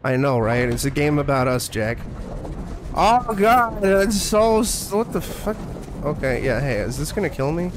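A man's voice: on the high side, big pitch swings, a little slow, a little hiss or hum. A young man streaming a horror game, joking, sarcastic and profane. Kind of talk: profane let's play commentary.

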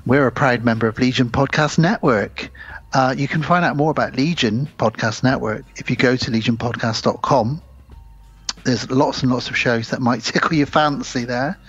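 A man's voice: mid-range voice, moderate pace, fairly bright tone, breathy edge, dry recording. A man hosting a horror film podcast, chatting casually and rambling a little at his own expense. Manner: chatty, rambling, self-deprecating. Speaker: podcast host. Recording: slightly dull lo-fi sound.

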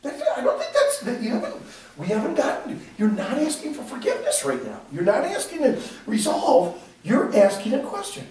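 A man's voice: extremely high pitch, wildly swooping pitch, a little fast, hardly any pauses, darkish tone. A man teaching a ministry class, acting out both sides of conversations and laughing often. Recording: echoey room from far off, faint noise.

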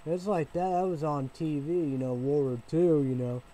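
A man from Illinois ranting in a halting, repetitive way, sometimes bursting into loud excited shouting. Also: fairly high pitch, poor audio. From Illinois, United States. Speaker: vlogger. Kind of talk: rambling casual rant.

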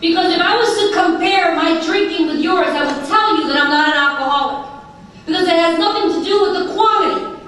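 Woman speaker, very high voice, emphatic testimony with rhythmic lists, distant mic in a large reverberant hall. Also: fairly bright tone. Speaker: recovery meeting speaker. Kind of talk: personal testimony talk. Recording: very echoey hall, voice from far off.

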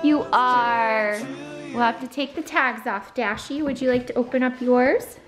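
A woman vlogging at home, cheering on her dogs in excited, high baby talk while suffering a severe migraine. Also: measured pace, noisy background. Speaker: vlogger and dog owner. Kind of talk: casual home vlog.

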